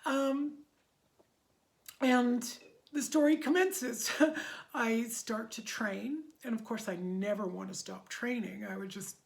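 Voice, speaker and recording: Gravelly-voiced middle-aged woman, heartfelt. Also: fairly high pitch, slow pace. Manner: heartfelt and emotional, voice wavering near tears. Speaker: meditation method instructor. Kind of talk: personal testimony to a community.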